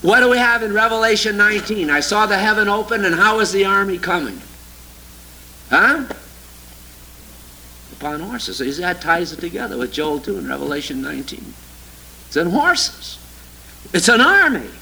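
A male preacher with a high, piercingly bright voice delivers a sermon and reads scripture aloud. He mocks opposing ideas with heavy sarcasm, jumping from loud outbursts to low, quiet asides. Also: normal speed, gravelly, pauses often, slight background noise, low-quality recording. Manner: sarcastic, mocking; animated, swinging from loud exclamations to low asides.

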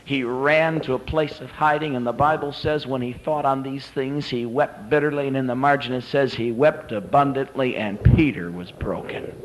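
A man's voice: fairly high pitch, normal speed, a bit bright, low-quality recording. A man preaching a sermon, telling a Bible story dramatically and rising to emphatic peaks.

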